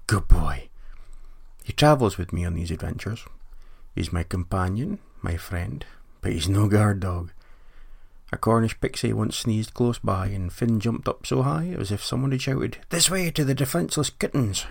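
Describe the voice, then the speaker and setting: A man's voice: on the low side, moderate pace, gravelly, a little mellow, slightly rough, no echo. A Scottish man hosting a comedy podcast, telling stories with dry, wry jokes. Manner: dry, wry joking delivery. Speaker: podcast host. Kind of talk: comic storytelling monologue.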